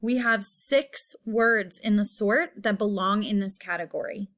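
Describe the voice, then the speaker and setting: A woman teacher giving a phonics lesson, saying each word slowly and repeating it while stretching the vowel sounds. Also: mid-range voice, a bit bright.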